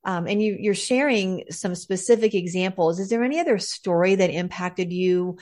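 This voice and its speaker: A woman's voice: mid-range voice, moderate pace, darkish tone. A woman hosting an interview, affirming her guest and openly emotional in her responses. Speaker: interview host. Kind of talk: conversational interview.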